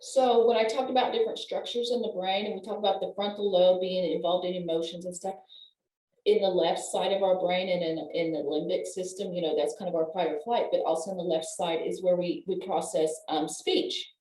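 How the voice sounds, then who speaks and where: An older woman, a wellness professional and guest, explaining things in an animated way and laughing as she talks. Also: on the low side, fairly quick. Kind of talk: conversational explaining. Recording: roomy, distant from the mic.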